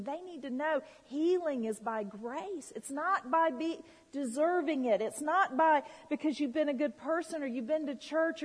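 A woman preaching a sermon, telling a personal story and swinging from hushed to loud, pleading delivery. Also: sits high, slightly rough. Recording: long hall reverb.

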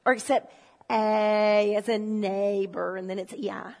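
A woman preaching a sermon in a church, telling stories and swinging from low, confiding talk to shouted excitement. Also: a little slow. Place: church hall. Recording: long hall reverb.

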